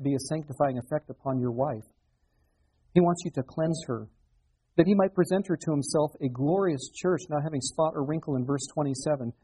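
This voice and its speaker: Husky-voiced man preaching conversationally. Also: medium pitch, mellow, low-quality recording. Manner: conversational preaching with rhetorical questions. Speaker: pastor. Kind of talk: sermon.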